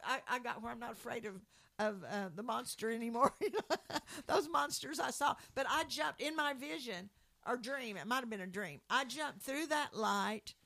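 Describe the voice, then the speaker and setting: A woman's voice: sits high, gravelly, pushed and bright. A woman giving an earnest, heartfelt personal testimony and reading scripture aloud to viewers of a Christian program.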